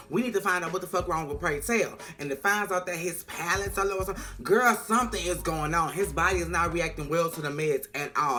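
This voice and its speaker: An animated vlogger retells a TV episode in a bright, sharp voice, peppered with slang and cursing. Soft music plays faintly in the background. The delivery is loose, chatty and full of attitude. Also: mid-range voice. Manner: animated, profane, slang-heavy storytelling. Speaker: TV recap vlogger. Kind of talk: casual TV episode recap.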